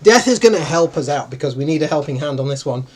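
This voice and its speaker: Speaking fast over slight background noise, this male co-host runs a game on a livestream. He walks through the board game's rules with a chatty, joking manner and plenty of lively pitch movement.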